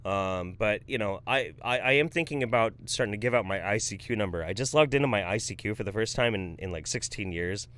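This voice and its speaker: A man in his thirties hosting a live stream, reading viewer donations in a relaxed, profane, jokey way. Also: on the low side, fairly quick, hardly any pauses. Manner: laid-back, swears freely, laughs often. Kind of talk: casual live-stream commentary.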